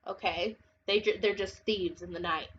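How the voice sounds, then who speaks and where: A woman's voice: medium pitch, steady tone, normal speed, a bit bright, lo-fi sound, slight background noise. A woman giving a casual tarot reading, chatty and blunt, who swears and laughs a lot and sounds a little congested and unwell. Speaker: tarot reader.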